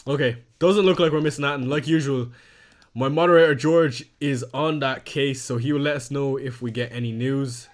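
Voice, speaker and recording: Young man, mid pitch, chatty, reads chat aloud. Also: fairly even intonation, normal speed. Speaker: fantasy football streamer. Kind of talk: casual live-stream chat reading viewer comments.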